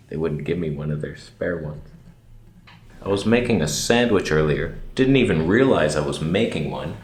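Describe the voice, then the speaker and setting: A man voicing a dim, rambling man who tells pointless stories in a slow, deadpan drawl. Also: echoey room. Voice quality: low, dopey drawl. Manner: slow, deadpan, absent-minded.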